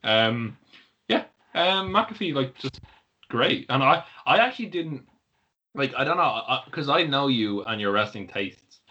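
A man rambles through wrestling talk as a podcast co-host, trailing off and restarting constantly. His voice is bright and forward. The audio is dull and lo-fi, like a call recording. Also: medium pitch, expressive, measured pace. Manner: rambling, filler-heavy, laughs easily. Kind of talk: casual wrestling chat.

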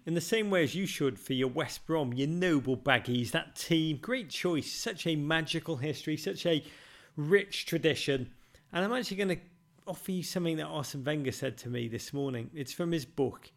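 Gravelly, wry male podcast host. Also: a little high. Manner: dry, self-mocking humour with dramatic flourishes. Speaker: podcast host answering listener questions. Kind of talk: wry, theatrical monologue.

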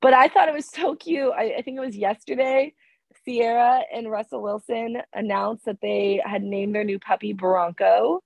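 A young woman co-hosting a podcast in casual chat, telling stories excitedly with a slightly hoarse voice that keeps cracking because she is sick. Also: on the high side, moderate pace, dry recording, poor audio. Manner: excitable storyteller, gushing and animated. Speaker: podcast co-host.

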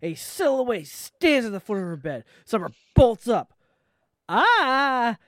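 A woman reading stage directions aloud in a casual, halting script read-through. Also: mid-range voice, sing-song, darkish tone, no echo, studio quality. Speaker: script reader.

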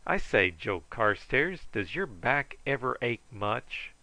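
A man's voice: mid-range voice, sing-song, slow pace, pushed and bright, no room sound, full character voice, poor audio. A man doing a drawling, lanky young bushman. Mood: doubtful. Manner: dry, drawling.

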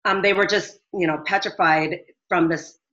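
Woman, middle-aged, bright forceful tone, dull lo-fi sound, earnest rambling storytelling. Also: on the low side, steady tone, moderate pace. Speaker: business owner caller. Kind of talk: phone-in interview. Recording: dull lo-fi audio.

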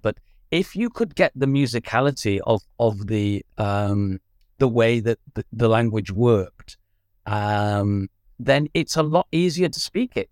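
A male actor and writer being interviewed, talking thoughtfully with frequent ums and lively swings in pitch. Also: no room sound, clean studio sound. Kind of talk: casual interview chat.

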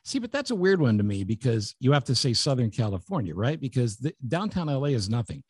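A man's voice: medium pitch, very animated, quick pace, darkish tone, husky, no room sound, studio quality. A man co-hosting a casual chat podcast, joking and teasing in banter. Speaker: podcast co-host.

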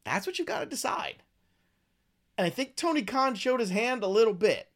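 A man hosting his own talk show, giving opinionated, rambling commentary with lively swings in pitch and loudness. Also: moderate pace. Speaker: podcast host. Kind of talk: casual wrestling commentary.

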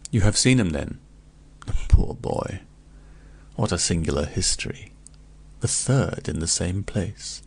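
A man's voice: deep voice, animated, takes it slowly, gravelly, pauses often, darkish tone, breathy edge, exaggerated voice. A man voicing a gossipy older male curiosity vendor who tells a grim tale in a chatty, meditative way.

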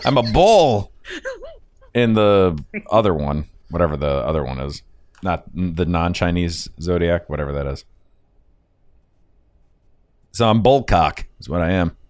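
Rambling, profane man with a lively voice. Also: low-pitched, a little slow, pauses often, dry recording. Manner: rambling, profane, laughs at own stories. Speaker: podcast host. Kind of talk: casual chat.

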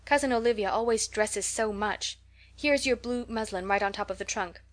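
A polite teenage girl who keeps her rebellious feelings reserved, read by a woman. Her voice sits at a middling pitch, as in a storybook reading. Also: moderate pace, lightly acted. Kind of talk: audiobook character reading.

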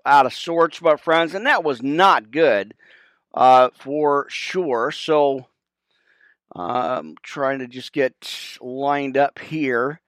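A man's voice: medium pitch, a bit bright, dry recording, studio quality. A man, a pastor hosting his own podcast, chatting casually while he sets up his stream, out of breath and rambling with many fillers. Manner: rambling, chatty, halting with fillers, calls listeners friends. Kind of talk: casual chat while setting up a livestream.

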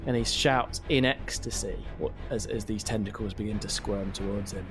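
Man narrating as game master over music. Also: fairly low pitch. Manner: descriptive, measured narration.

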